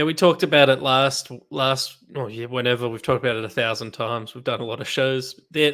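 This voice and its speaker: A man co-hosting a casual football chat, explaining things in a relaxed, laid-back way. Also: medium pitch, clean tone. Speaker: co-host.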